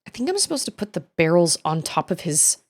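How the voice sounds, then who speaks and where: A woman's voice: on the low side, very animated, fairly quick. A woman streaming a video game, commenting live and often exclaiming and squealing as she plays.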